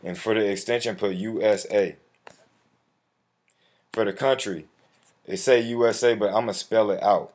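A man's voice: lowish voice, steady tone, moderate pace, long pauses, a little mellow. A man talking casually through a step-by-step online form, calling the viewer bro and swearing now and then, with typing and clicks behind him. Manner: slangy, addresses viewer as bro; profane when flustered. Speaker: tutorial host. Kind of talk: casual screen-recorded walkthrough. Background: keyboard typing and mouse clicks.

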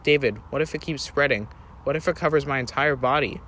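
A man's voice: medium pitch, fairly quick, a bit bright, a little hiss or hum, close to an everyday voice. A man voicing a worried young woman, the older sister, in a read-aloud story, pleading and anxious.

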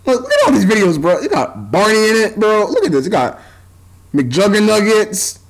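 American man youtuber, high voice, scornful insulting rant. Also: huge pitch swings, normal speed, rough recording. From United States. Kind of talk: ranting reaction vlog.

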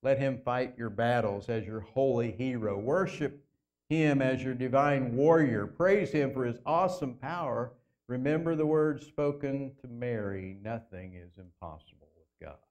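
A man preaching a sermon as pastor in a church, earnest, slowing down and lifting his voice to stress key phrases. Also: a little mellow. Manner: earnest preaching, slows and lifts pitch for emphasis. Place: church sanctuary.

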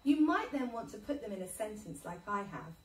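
A woman teaching a phonics lesson to young children, sounding out words slowly and praising them. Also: mid-range voice, very animated, roomy sound, distant mic, poor audio. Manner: sing-song, slow and encouraging, sounding out words. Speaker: infant school teacher.

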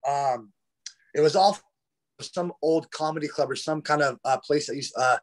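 Speaking at normal speed in a voice on the high side, a retired fighter guests on a podcast and tells casual stories. He rambles, curses, and keeps dropping "bro" and "dude."

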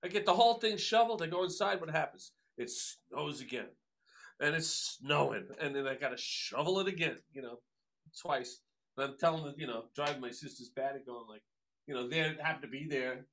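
A man's voice: on the high side, fairly quick, a bit bright. A man from the New York area, a guest musician, telling stories casually with lots of fillers and acted-out quotes. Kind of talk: casual storytelling.

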